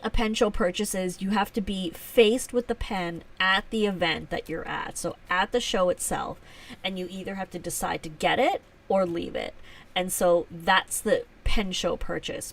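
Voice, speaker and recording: A woman's voice: lowish voice, vocal fry, far from the mic. A woman hosting a live stream, chatting casually with viewers and teasing herself, with frequent laughs. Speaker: livestream host.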